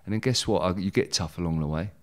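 Low-voiced man from England, emphatic. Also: fast. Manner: emphatic, heated bursts, jokey asides. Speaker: guest. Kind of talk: candid interview talk.

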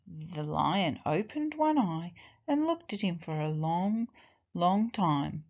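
A woman teacher reading a children's storybook aloud in an expressive, deliberate way. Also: on the low side, lo-fi sound.

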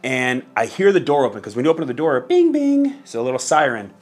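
A man's voice: medium pitch, quick pace, faint music behind. Laid-back man telling a profane story. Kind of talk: casual storytelling to camera.

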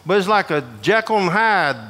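A man from Georgia, preaching a humorous storytelling sermon to a prison audience in a folksy, animated way. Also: high-pitched, moderate pace. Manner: folksy, animated, acts out voices in his stories.

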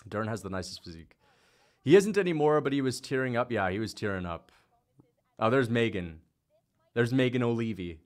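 A man's voice: medium pitch, fairly quick, pauses often. A young man hosting a fight-reaction livestream, chatting loosely, swearing and reading out viewer donations. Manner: loose, swears often, excitable outbursts.

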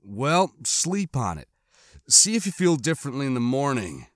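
A man voicing a calm, sleepy older teenage brother who murmurs reassuringly. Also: medium pitch, moderate pace, no room sound, clean studio sound, natural voice. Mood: drowsy.

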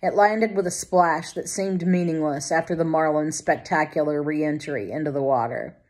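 A woman narrating a novel as an audiobook in a measured, vivid storytelling manner. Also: low-pitched, darkish tone. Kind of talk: scripted narration.

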